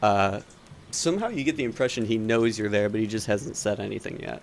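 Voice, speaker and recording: Young guy running a tabletop game, gravelly, rambly, bouncy pitch. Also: expressive, fairly quick, a little hiss or hum. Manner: rambling, filler-heavy. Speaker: game master.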